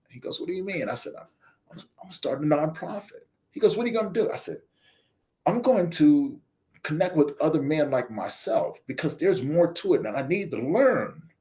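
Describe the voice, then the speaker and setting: A man guesting on an interview show, telling a personal story in casual chat and acting out the other people's lines. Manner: animated storyteller, acts out dialogue with voice shifts; drops soft and low when quoting others. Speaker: podcast guest, nonprofit founder.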